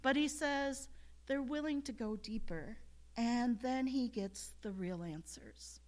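A woman pastor preaching a sermon in church, earnest and building to emphatic shouts as she leads the congregation in call-and-response. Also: fairly high pitch, slow pace.

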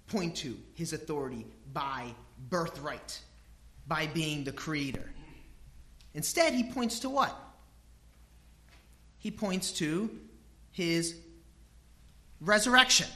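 A middle-aged man delivers a lively sermon in a bright, forceful voice. He swings from quiet, low asides to loud, emphatic peaks. He slips into homely stories about his family to make his point. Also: takes it slowly, long pauses. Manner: animated, emphatic, swings between hushed and loud. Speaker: pastor.

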